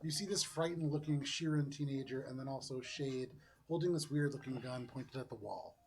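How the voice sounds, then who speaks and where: A man's voice: mid-range voice, brisk, darkish tone. Man narrating a tabletop game. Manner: descriptive, easygoing narration with many fillers. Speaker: game master.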